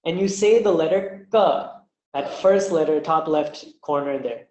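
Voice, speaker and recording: A man teaching an online language lesson, patiently demonstrating each sound slowly. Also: on the high side, darkish tone, reverberant, a little hiss or hum, low-quality recording. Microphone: webinar mic.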